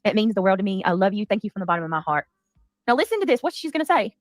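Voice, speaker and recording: A woman hosting a heated livestream, talking fast and defensively with many restarts. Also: medium pitch, very animated, no room sound, clean studio sound, soft background music. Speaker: livestream commentary host. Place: home.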